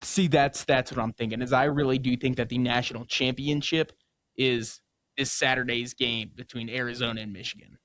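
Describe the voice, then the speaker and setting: A young man co-hosting a local sports radio show, agreeable and casual, with halting restarts. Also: mid-range voice, steady tone, fairly bright tone, no echo.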